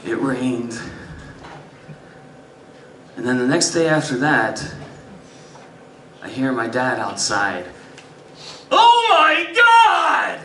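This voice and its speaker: A man doing stand-up storytelling on a live stage, swinging between loud bursts and muttered asides. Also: mid-range voice, takes it slowly, pauses often, far from the mic, a little hiss or hum. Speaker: stand-up comedian. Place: live music venue stage. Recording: roomy live club sound from afar. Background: audience laughter.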